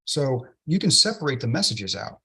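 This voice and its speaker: Man, podcast guest, excited storyteller, husky voice, keeps asking "right?". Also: medium pitch, moderate pace. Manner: excited, keeps adding "right?" tag questions. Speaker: interview guest. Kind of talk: enthusiastic storytelling in a podcast interview.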